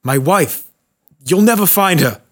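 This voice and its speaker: A man voicing a confused, tearful elderly war veteran in a spoken story, halting and raised in pitch. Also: expressive, husky, full character voice. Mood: pleading.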